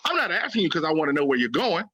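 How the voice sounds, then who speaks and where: Bright high-voiced man, animated. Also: racing, no echo, poor audio. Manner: animated, acts out quoted lines in character. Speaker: podcast co-host. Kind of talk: casual chat.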